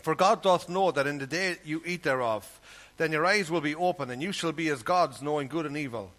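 Man, preacher, sermon, bright tone, earnest, conversational, reads scripture. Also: fairly high pitch, a little fast.

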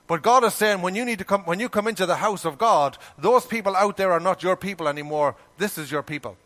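Preaching man with a higher voice. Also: fast. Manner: animated, rhetorical questions, colloquial grammar. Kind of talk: sermon.

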